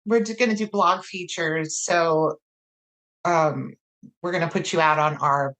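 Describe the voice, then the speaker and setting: A woman's voice: sits low, unhurried, fairly bright tone. A woman guest who runs a writing contest, explaining its prizes in upbeat casual chat with many fillers.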